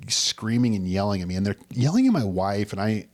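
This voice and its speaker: A man's voice: on the low side, very animated, brisk, a little mellow. A man in his thirties co-hosting a podcast, telling a personal story in a rambling, earnest way. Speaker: podcast co-host. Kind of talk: casual storytelling chat.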